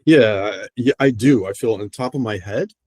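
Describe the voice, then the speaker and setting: A man speaking slowly and hesitantly as a client, naming his feelings with pauses. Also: on the low side, darkish tone. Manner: slow, reflective, hesitant with ums. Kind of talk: therapy session talk.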